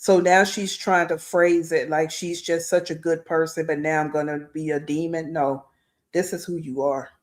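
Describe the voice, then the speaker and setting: A woman's voice: deep voice, flat delivery, moderate pace. A woman hosting reaction commentary, blunt and critical, talking straight to her viewers. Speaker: commentary host.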